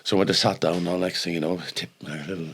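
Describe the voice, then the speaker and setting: An older Welsh man and former rugby player, telling lively stories on a podcast and acting out the people in them. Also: deep voice, fast talker, a little hiss or hum. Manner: animated anecdotes, acts out the people in his stories. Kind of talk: casual storytelling.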